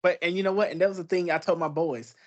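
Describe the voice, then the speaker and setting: A man's voice: sits high, fairly even intonation, fast talker, lo-fi sound. A man co-hosting a podcast in casual chat, laid-back and profane, often chiming in with agreement. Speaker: podcast co-host.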